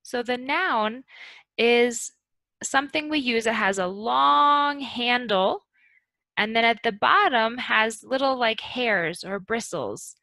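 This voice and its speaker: A woman's voice: a little high, sharp tone, no room sound. A woman teaching English vocabulary and question intonation, speaking patiently and modelling example sentences. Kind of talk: slow, clear vocabulary lesson.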